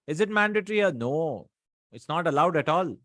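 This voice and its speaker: Fast-talking man teaching grammar. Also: on the high side, expressive, fairly bright tone, no echo, clean studio sound. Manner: quick explaining with frequent checks like "right?" and "hmm?". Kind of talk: recorded online lesson.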